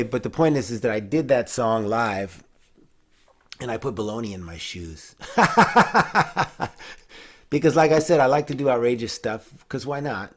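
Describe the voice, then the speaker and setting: A middle-aged man hosting a casual chat, rambling with many fillers and restarts. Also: medium pitch. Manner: rambling, warm-hearted, breaks into singing. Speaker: host.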